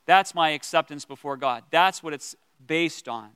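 A man teaching as a pastor about prayer, earnest and gentle, with pauses and restarts. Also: a little high, smooth, dry recording, big-room sound.

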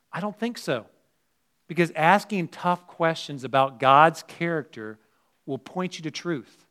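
A male pastor with a voice on the high side and a bit bright delivers a sermon. He talks conversationally, poses rhetorical questions to the congregation, and stresses the scripture he reads aloud.

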